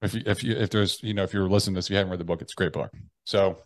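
A man's voice: low-pitched, steady tone, very fast, dry recording. A man in his thirties, a podcast guest telling his story candidly, blunt and profane, often restarting his sentences.

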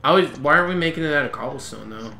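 A man's voice: on the high side, lively intonation, rapid-fire, bright, forceful tone. A young man chatting casually during a multiplayer game, laid-back and slangy. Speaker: gamer. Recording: roomy with clear background noise.

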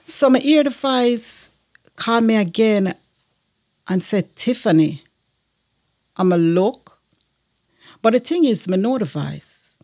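A woman's voice: a little high, lively intonation, slow, long pauses, warm tone. A woman, a guest sharing a personal testimony in an earnest manner, with frequent fillers.

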